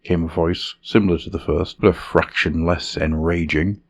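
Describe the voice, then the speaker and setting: Deep gravelly male fantasy narrator. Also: fairly even intonation. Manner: measured, dramatic reading. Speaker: storyteller.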